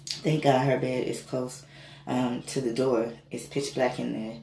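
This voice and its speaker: A woman's voice: a bass voice, a little slow, vocal fry. Woman telling a story in an echoey room. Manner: animated, candid, swears freely. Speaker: spiritual reader and reiki healer. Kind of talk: casual storytelling monologue. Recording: echoey room with faint noise.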